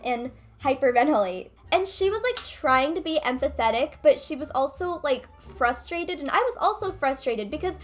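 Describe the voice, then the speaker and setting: A woman's voice: high-pitched, lively intonation, normal speed, few pauses. A young woman vlogger retelling a personal story in a chatty, casual way with lots of fillers. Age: young adult. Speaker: gaming vlogger.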